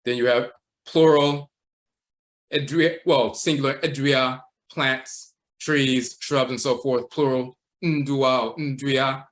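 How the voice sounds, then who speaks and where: A man teaching a livestream lecture, walking slowly through words and terms, repeating them and often tacking on "and so forth.". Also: mid-range voice, fairly even intonation. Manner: measured, repeats terms and says "and so forth" a lot. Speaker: teacher of a spiritual tradition.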